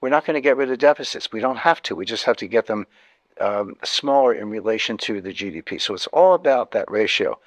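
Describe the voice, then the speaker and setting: A man's voice: lowish voice, expressive, brisk, no room sound. A man, a guest in an interview, explaining economics emphatically, repeating key points and often restarting sentences.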